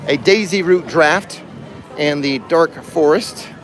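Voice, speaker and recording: A man's voice: a little high, slow, slight background noise. A man hosting a casual livestream while walking through a theme park, joking and laughing at his own jokes. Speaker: livestream host. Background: music and crowd in the background.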